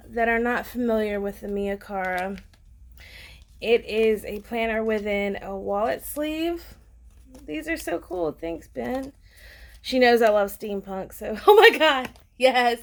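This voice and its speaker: A woman vlogging an unboxing in a casual, gushing, excitable way, with lots of ums. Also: medium pitch. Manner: gushing and excitable, many fillers. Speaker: planner vlogger.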